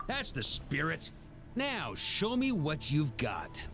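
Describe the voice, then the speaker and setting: Game voice: a hearty veteran knight, lively pitch, measured formal delivery, faint music behind. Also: male voice, full character voice. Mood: genial. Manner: warm, relaxed storytelling, measured and formal. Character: hearty veteran knight grandmaster, middle-aged man. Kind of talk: game voice acting.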